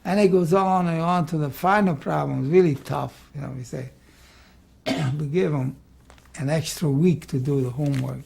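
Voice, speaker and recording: An older man with a gravelly, husky voice recalls his teaching days in a loose, rambling way. He keeps tossing in "see" and "you know" as he talks through an archival oral history interview. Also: fairly high pitch, moderate pace, darkish tone. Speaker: former art school president.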